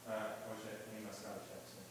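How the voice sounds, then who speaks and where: A man's voice: on the low side, level tone, quick pace. A man teaching a church history class in a casual lecturing way, often checking in with "right?". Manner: casual, keeps asking "right?". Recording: echoey room, distant mic, faint hiss.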